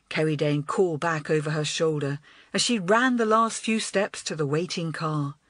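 A woman narrating a children's storybook in an expressive, animated way. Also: sits low, normal speed, no echo. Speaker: audiobook narrator.

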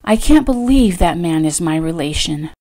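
A woman's voice: on the low side, animated, moderate pace, mellow, natural voice. A woman voicing an earnest, emphatic young woman. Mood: ashamed. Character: young woman, worried and determined.

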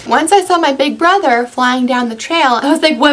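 A woman's voice: high-pitched, brisk, hardly any pauses, a bit bright, slight background noise. A young woman vlogging, telling a story to camera in a sarcastic, self-deprecating and chatty way, full of "like". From United States.

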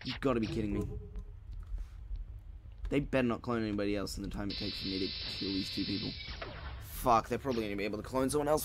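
A young let's play gamer gives casual, profane commentary on a video game, swearing a lot, muttering to himself and breaking into frustrated outbursts. He's sleepy and yawns now and then. His voice is on the low side, quick with long pauses, and faint music plays behind.

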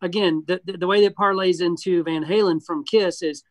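A man's voice: high voice, moderate pace, no echo. A man from Georgia, casually and candidly reminiscing as an interview guest. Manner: relaxed, candid, profane reminiscing. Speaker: guest musician.

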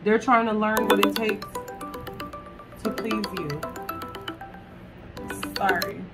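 A woman's voice: medium pitch, steady tone, slow pace, over loud music. A woman reading tarot cards to camera in a chatty way, talking straight to her viewers and swearing casually. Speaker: tarot reader.

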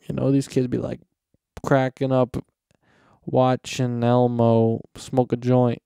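A man's voice: mid-range voice, completely flat delivery, measured pace, mellow, clear, resonant tone, dry recording, clean studio sound. A teenage man hosting a casual solo podcast, rambling and mocking in slangy talk with frequent cursing. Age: teens. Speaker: podcast host. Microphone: close podcast microphone.

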